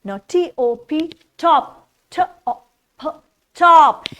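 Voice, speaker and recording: Slow sing-song woman teaching phonics. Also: sits high, expressive, fairly bright tone. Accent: Indian English. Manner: asks the listening child questions. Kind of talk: phonics lesson for young children.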